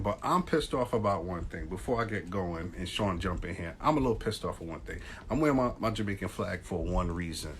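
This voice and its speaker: Laid-back dude with a lowish voice hosting a phone live, slangy, calling out viewers, faint hiss behind. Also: male voice. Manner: slangy, shouting out viewers as they join. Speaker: podcast host. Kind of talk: casual livestream chat. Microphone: phone live stream.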